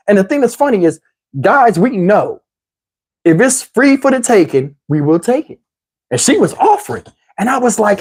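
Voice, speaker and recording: A middle-aged man telling a comic story, animated, with loud outbursts while acting out quotes. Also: fairly high pitch, a little fast. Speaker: comedian. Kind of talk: stand-up storytelling.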